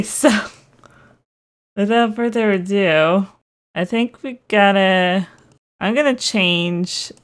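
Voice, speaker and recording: A young woman commenting casually on a farming life-sim game, giggling often, thinking aloud and getting excitable. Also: fairly low pitch, clean tone. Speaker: gaming channel host.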